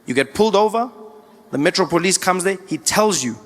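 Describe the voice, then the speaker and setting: A man's voice: sits high, brisk, in a large hall. A man from Africa, telling stories in a stand-up comedy set. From South Africa. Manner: animated storytelling.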